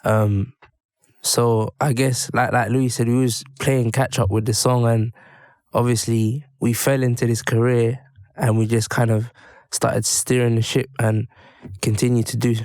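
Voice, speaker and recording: A man, a music group member answering interview questions in a relaxed, easygoing way. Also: mid-range voice, measured pace, dry recording, studio quality. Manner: relaxed, easygoing, slight hesitations. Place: radio studio. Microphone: studio microphone.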